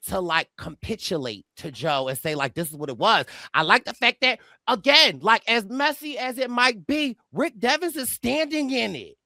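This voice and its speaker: Male podcast co-host, animated pitch, bright tense tone with gravelly fry, dry close sound, excitable chatter. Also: no room sound. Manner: excitable, laughs often, jumps into quoted voices. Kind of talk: casual TV recap chat.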